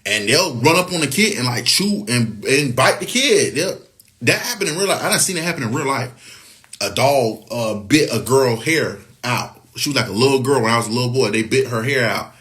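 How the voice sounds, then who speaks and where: A man's voice: medium pitch, expressive, moderate pace, fairly bright tone. Man in a rambling, profane monologue. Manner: profane, rambling, keeps asking "you know what I'm saying". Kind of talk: casual opinion monologue.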